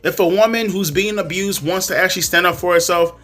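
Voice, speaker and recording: A man's voice: sits high, brisk, pushed and bright. A man giving blunt, profane, heated commentary and telling a story in a vlog. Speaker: commentary vlogger.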